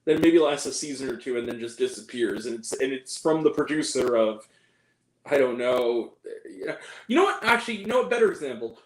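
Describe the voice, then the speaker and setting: A man giving a casual, animated movie review, mocking the film with quick impressions of its lines. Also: mid-range voice. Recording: roomy echo.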